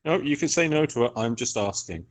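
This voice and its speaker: A man's voice: medium pitch, animated, a little fast. A man playing a tabletop game over a call, asking polite questions about his character's tools. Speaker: player.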